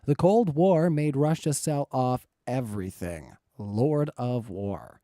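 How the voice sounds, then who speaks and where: A man's voice: medium pitch, animated, takes it slowly, mellow, dry recording, clean studio sound. A man moderating a livestream debate, firmly keeping order and reading out viewer questions.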